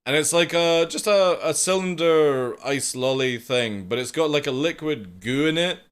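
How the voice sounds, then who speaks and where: In a slightly high voice with a clean tone and a moderate pace, a young British man chats with his stream viewers. The live streamer rambles, swears freely, and reads chat aloud.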